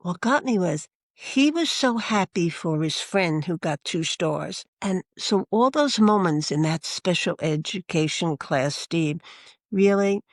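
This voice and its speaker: A woman's voice: fairly low pitch, lively intonation, unhurried, dry recording, studio quality. An older woman, a religious sister, telling stories from her teaching years in an interview, acting out the voices of the people she remembers. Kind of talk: storytelling interview.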